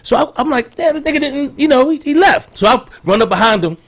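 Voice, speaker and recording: A middle-aged man and comedian guest, telling animated stories and acting out the quotes in casual podcast banter. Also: very high-pitched, quick pace. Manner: animated storyteller, acts out quotes. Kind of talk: storytelling banter.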